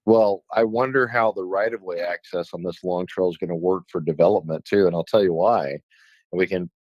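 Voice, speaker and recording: A man from Alaska speaks as a legislator guest on a radio talk show, his voice on the low side. He talks heatedly and with emphasis, venting his frustration. The sound is dry and close, with no room around it. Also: fairly quick, darkish tone, no room sound, muffled recording.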